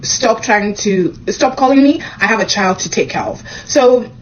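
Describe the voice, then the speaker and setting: A young woman from Kenya, a comedian, telling a personal story to camera in a casual, animated way, acting out the dialogue. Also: highs cut off, slight background noise. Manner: animated, acts out the dialogue with quick pitch jumps.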